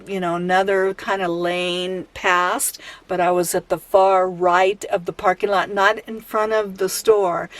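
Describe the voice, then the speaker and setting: A woman's voice: mid-range voice, no echo. A woman van life vlogger telling a story to camera in a chatty, rambling way, laughing lightly as she goes.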